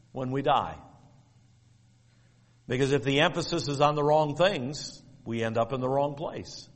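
A man delivering a sermon, teaching in a measured, emphatic way and repeating key phrases. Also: on the high side, big-room sound. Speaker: preacher.

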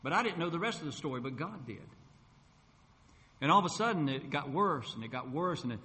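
A middle-aged preacher man giving his testimony in a folksy, storytelling way, slipping into the voices of the people he quotes. His voice sits a little high for a man. It rings out with a long reverb, as in a large hall. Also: animated, fairly quick, bright, forceful tone. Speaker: gospel singer and preacher. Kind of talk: personal testimony.

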